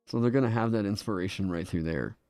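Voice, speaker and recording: A man's voice: fairly low pitch, fast, a little mellow, clear, resonant tone, dry recording, soft background music. A man chatting casually on a live stream into a desk microphone. He rambles, laughs often and swears freely. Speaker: streamer designing a game class.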